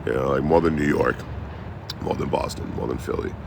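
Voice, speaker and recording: A man's voice: rumbling low, fairly even intonation, a little fast, vocal fry, noisy background. A man chatting on a casual outdoor livestream, telling road stories in a profane, rambling, laid-back way. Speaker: traveling live streamer.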